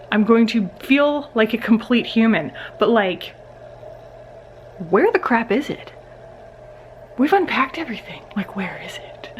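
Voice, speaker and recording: A woman's voice: mid-range voice, fairly bright tone, a little hiss or hum. Chatty young woman vlogging at home. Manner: chatty, lots of fillers and little laughs. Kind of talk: casual vlog chat.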